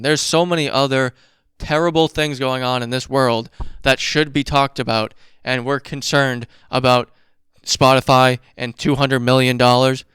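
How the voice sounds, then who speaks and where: A man hosts his podcast in an agitated, profane rant. His voice is very smooth and clear, with a middle pitch. The sound is dry and close, with no room around it. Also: a bit bright, no room sound. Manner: profane, worked-up ranting with running math. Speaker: podcast host. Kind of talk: casual ranting commentary.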